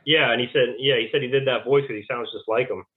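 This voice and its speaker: Fast-talking man on a tinny line. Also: mid-range voice, steady tone. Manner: rambling, acts out quoted back-and-forth dialogue. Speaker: interview guest. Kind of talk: casual testimony.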